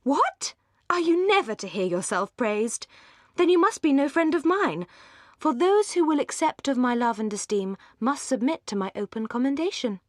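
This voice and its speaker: A woman's voice: on the high side, lively intonation, normal speed, few pauses, a little mellow, dry recording, clean studio sound, pitched above the performer's own voice, natural voice. A woman voicing an impulsive, passionate young lady. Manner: emphatic, gushing outbursts.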